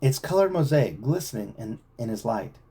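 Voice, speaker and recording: A man reading a novel aloud to a child at home, with expressive storytelling. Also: medium pitch, normal speed, slightly rough.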